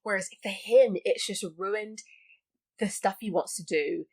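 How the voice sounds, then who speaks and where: A woman's voice: medium pitch, measured pace, darkish tone, breathy edge. A woman talking casually about a film as a podcast guest, full of likes and restarts. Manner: chatty, many likes and restarts.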